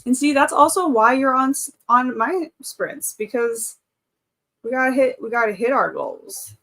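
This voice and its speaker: A woman's voice: sits high, lively intonation, measured pace, fairly bright tone. A woman in her thirties hosting a casual live stream from home, chatting and reading out chat comments. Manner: chatty, reads out chat comments, frequent laughs. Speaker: livestream host.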